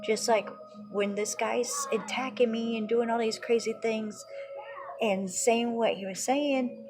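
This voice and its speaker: A woman's voice: fairly high pitch, fairly even intonation, unhurried, music in the background. A woman giving an earnest religious teaching, retelling her own prayers and quoted conversations as testimony.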